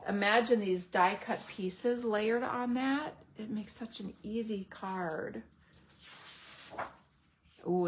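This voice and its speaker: A middle-aged woman walks through new craft supplies at an unhurried pace. She gets excited over each piece and stops to search for the right word. A faint hiss sits under her voice. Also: mid-range voice. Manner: enthusiastic, gushing over products; thinks aloud, pauses to find words. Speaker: crafting video host. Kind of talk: unboxing product demo.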